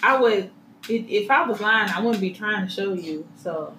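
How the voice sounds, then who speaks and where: A woman's voice: medium pitch, expressive, normal speed. A woman co-hosting a podcast, talking casually and insistently, with many restarts. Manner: defensive, insistent, rambling restarts. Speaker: podcast co-host. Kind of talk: casual chat. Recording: echoey room with faint noise.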